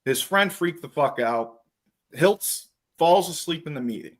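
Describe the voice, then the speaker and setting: A man hosting a podcast, telling profane, animated stories and acting out what others said in casual chat. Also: a little high, a little slow. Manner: profane, animated storytelling with acted quotes. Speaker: podcast host.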